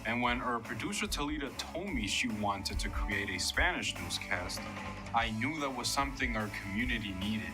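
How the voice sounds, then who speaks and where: A man's voice: mid-range voice, animated, normal speed, music in the background. A man giving an earnest, reflective scripted narration about a student newscast.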